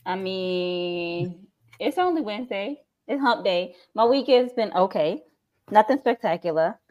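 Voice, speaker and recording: A woman co-hosting a podcast in casual chat, blunt and joking and quick to laugh. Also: medium pitch, lively intonation, darkish tone, no echo, dull audio. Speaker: podcast co-host.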